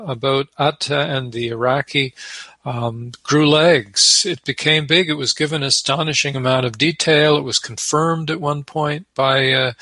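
A man, an author and peace activist, giving measured, explanatory interview answers with a wry edge. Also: mid-range voice, sharp tone, dry recording.

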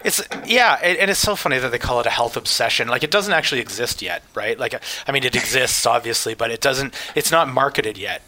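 A man co-hosting a relaxed health news discussion. His voice is bright and pushed forward, and he talks in a wry, joking way, full of likes and ums as he thinks aloud. The pitch sits in an ordinary middle range. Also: brisk, hardly any pauses. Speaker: show host. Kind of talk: casual news chat.

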